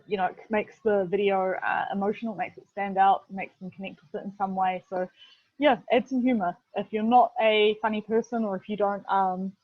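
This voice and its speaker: Over a video call, a medium-pitched woman with a New Zealand accent gives a relaxed instructional webinar, drawing on her role heading video production. Her chatter is full of fillers and repeated uses of "literally," and the recording sounds dry, dull and lo-fi.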